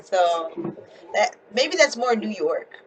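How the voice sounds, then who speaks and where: A woman with a standard North American accent teaching a one-on-one English lesson over a video call. She explains slowly and clearly, with patience. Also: mid-range voice, sing-song, slight background noise, low-quality recording. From United States.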